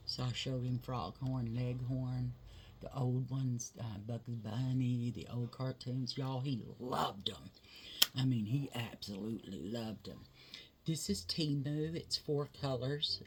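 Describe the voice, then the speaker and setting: A woman's voice: a bass voice, fairly even intonation, unhurried, a little hiss or hum. A woman telling a rambling family story in casual chat while doing her makeup, full of fillers. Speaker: vlogger, mother.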